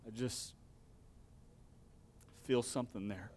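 A man preaching a sermon, reading scripture with acted-out dialogue and dropping to a soft, low voice to close his points. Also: steady tone, takes it slowly, a little hiss or hum. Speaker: pastor.

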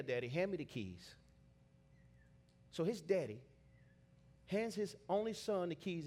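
A man preaching a sermon, telling a dramatic story that builds to shouted climaxes. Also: high voice.

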